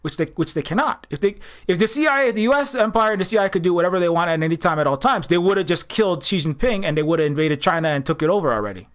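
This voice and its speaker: A man with a high voice delivers heated, unscripted political commentary. He rambles and restarts his sentences often, and he mocks opposing views in a raised voice. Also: lively intonation, racing, hardly any pauses.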